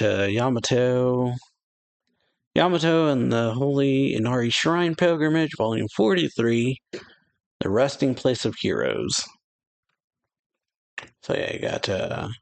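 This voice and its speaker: A man's voice: mid-range voice, vocal fry, smooth. A man hosting a manga chapter reaction, talking casually with many fillers and laughing at his own slips.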